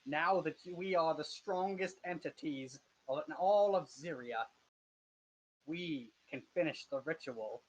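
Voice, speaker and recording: A man's voice: a little high, measured pace, rough recording. A man doing a gloating cult master. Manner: gloating, grandiose ritual speech. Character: sinister male cult master, floating and glowing.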